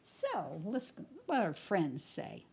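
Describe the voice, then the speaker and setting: A woman teacher reads a picture book aloud to young children, pausing for asides to her listeners. She takes it slow, with a lively, swooping delivery and a breathy voice. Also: on the low side.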